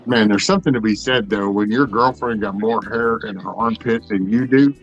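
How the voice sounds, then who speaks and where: A man in casual banter, throwing in quick teasing wisecracks. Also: fairly low pitch, highs cut off, faint music behind.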